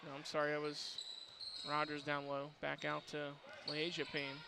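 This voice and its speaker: A man calling high school basketball play-by-play in a steady, lightly joking manner. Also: normal speed, vocal fry, background noise. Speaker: play-by-play announcer.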